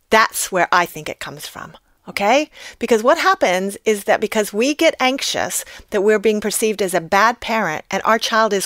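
A woman's voice: medium pitch, fairly bright tone, dry recording, clean studio sound. An American woman talking as a podcast guest, explaining ideas in a reflective way. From United States. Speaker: guest expert. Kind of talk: podcast interview.

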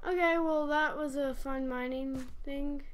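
A woman's voice: high-pitched, steady tone, unhurried, faint music behind. A woman hosting a gaming channel, chatting and apologizing to viewers while she plays. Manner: chatty, apologetic, talking to herself while playing. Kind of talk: casual game commentary.

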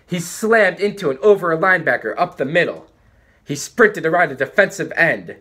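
A man reading a children's book aloud with animated, dramatic pacing. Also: fairly high pitch, normal speed. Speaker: storybook reader.

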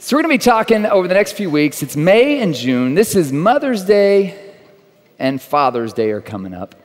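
A man's voice: high-pitched, very animated, normal speed. A man from Texas preaching as a guest pastor, conversational and joking, telling stories from the pulpit. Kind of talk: sermon with humorous storytelling. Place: church sanctuary. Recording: reverberant church hall.

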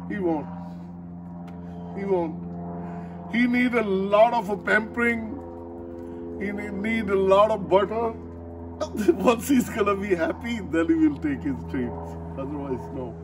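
A man's voice: sits high, slow, long pauses, noisy background. A man at home talking casually to his dog and the camera, coaxing and repeating himself, laughing often, with non-native grammar. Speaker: dog owner vlogger.

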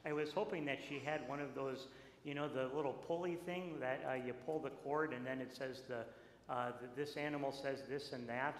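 A man, a pastor giving a playful children's message in a church, speaking gently with many fillers. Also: medium pitch, steady tone, moderate pace. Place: church sanctuary. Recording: echoey church with room noise.

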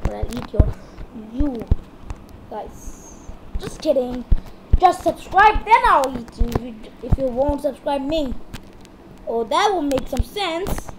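A woman talks through her game in a high, slow, unhurried voice, breaking into excited repeated outbursts. The recording is noisy, with clicking in the background. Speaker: gaming channel host. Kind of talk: live game commentary.

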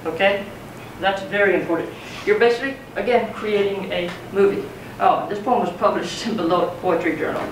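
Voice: medium pitch, normal speed, few pauses. Poetry teacher, chatty lecture style, distant mic in a reverberant classroom. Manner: conversational, checks in with students. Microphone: far from speaker. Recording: roomy classroom, mic far off, faint noise.

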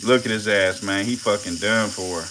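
A young man, giving loud, profane, laughing commentary as a channel host on a casual live stream. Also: lowish voice, fairly even intonation, normal speed, background noise. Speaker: channel host feeding snakes.

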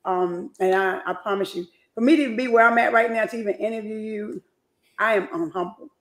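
A woman's voice: mid-range voice, a little fast. A woman hosting an interview show, effusive and gushing with praise. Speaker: show host. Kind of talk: casual interview chat. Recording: echoey room.

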